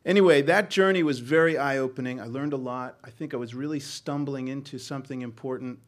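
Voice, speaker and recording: Speaking in a mid-range voice, a middle-aged man from Boston who works as a newspaper journalist shares a personal story with a panel. His delivery is earnest and halting, full of ums and false starts.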